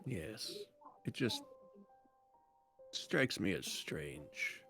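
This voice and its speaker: A man playing a thoughtful male dwarf druid in a tabletop game, measured and formal. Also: low-pitched, very animated, sharp tone, faint music behind, full character voice. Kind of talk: tabletop role-play.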